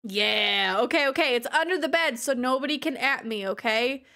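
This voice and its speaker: A woman's voice: on the high side, moderate pace, gravelly, pushed and bright. A woman streaming a game, chatting casually with her viewers, giggling and cracking crude jokes. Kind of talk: casual livestream chat while playing.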